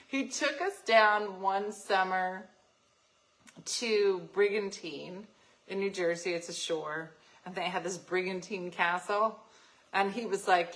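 A woman hosting a morning show, telling lively family stories with frequent laughter. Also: fairly low pitch, measured pace, poor audio. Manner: animated and laughing, acts out voices in anecdotes. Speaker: radio show host. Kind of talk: casual chat, storytelling.

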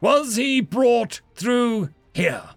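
A man's voice: sits high, animated, moderate pace, gravelly, fairly bright tone, dry recording, faint music behind, pitched above the performer's own voice, exaggerated voice. A man voicing a tough woman marine sergeant who speaks in a clipped, commanding way. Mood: stern.

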